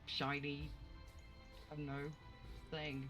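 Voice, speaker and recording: A woman's voice: deep voice, monotone, slow pace, a bit bright, faint music behind. A woman running a tabletop game as game master, rambling and self-deprecating, often laughing.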